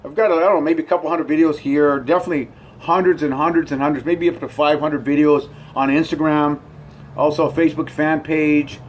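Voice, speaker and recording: A middle-aged man talking to camera outdoors on his porch, his voice sitting a little higher than most men's. He rambles in an upbeat, easygoing way, circling back with ums, uhs and restarts. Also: steady tone, brisk, slight background noise. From United States. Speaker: vlogger. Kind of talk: casual rambling vlog to camera.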